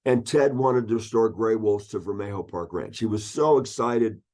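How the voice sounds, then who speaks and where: A man's voice: lowish voice, moderate pace, a little mellow. A man in his sixties, an ecologist guest, telling anecdotes in an interview and acting out the voices of people he quotes. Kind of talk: storytelling interview.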